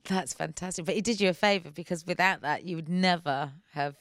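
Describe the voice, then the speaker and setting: A woman's voice: lowish voice, a little fast, no room sound, studio quality. A woman hosting an interview, asking curious questions and prompting her guest. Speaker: interviewer host. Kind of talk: conversational interview.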